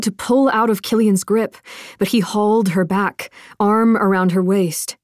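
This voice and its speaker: A woman narrating an audiobook in a measured, expressive manner. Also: medium pitch, no room sound, clean studio sound.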